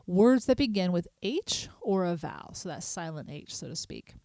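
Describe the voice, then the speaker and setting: A middle-aged woman, hosting a podcast and patiently explaining a small language lesson, spelling words out slowly. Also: on the low side, very animated, mellow, no room sound. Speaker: podcast host.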